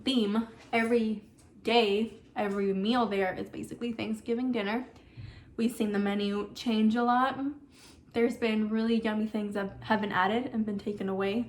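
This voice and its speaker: A young woman chatting casually in her home kitchen as she hosts a cooking vlog, often drifting off on tangents. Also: on the high side. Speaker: vlogger.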